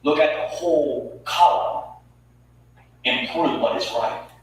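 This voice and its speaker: A man preaching a sermon with emphatic delivery, swinging from loud to hushed. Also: a little high, slow, a little hiss or hum. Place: church sanctuary. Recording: echoey church hall from far off.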